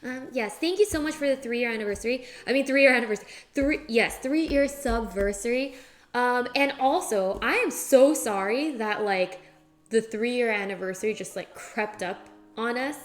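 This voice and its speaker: A woman's voice: fairly high pitch, normal speed. A young adult woman streaming as she cooks in her home kitchen, chatting casually and rambling with lots of "like" fillers. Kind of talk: casual chat while cooking.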